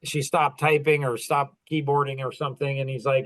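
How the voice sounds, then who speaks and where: A man's voice: medium pitch, level tone, moderate pace, fairly bright tone, dry recording, low-quality recording. A middle-aged man coaching in a casual chat, rambling through stories with many fillers and restarts. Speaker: business coach and podcast host.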